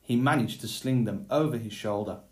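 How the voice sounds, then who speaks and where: A man reading a fairy tale aloud in a slow, measured storytelling manner. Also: medium pitch, a little mellow. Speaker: storybook reader. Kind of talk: scripted fairy tale narration.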